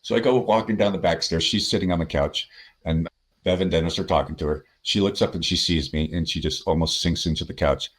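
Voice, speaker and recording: A man's voice: deep voice, fairly quick. A man, a podcast guest and sales consultant, telling workplace anecdotes in a conversational way and acting out the people he quotes. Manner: animated anecdotes, acts out quoted voices. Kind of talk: conversational storytelling.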